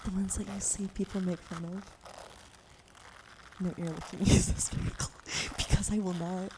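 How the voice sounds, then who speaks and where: A woman in her forties, a streamer doing whispered role-play, whispering softly and teasing her chat with giggles, with a cough that keeps catching her. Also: lowish voice, flat delivery, normal speed. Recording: noisy home stream mic.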